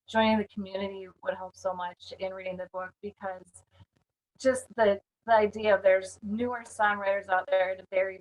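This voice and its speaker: A woman's voice: mid-range voice, rough recording. A woman from the Minneapolis area speaks in a mid-range voice. She gives an earnest, candid testimonial with a plain delivery. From Minneapolis area, United States. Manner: earnest, candid, with light laughs. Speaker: songwriting community member giving a testimonial. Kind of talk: spoken testimonial.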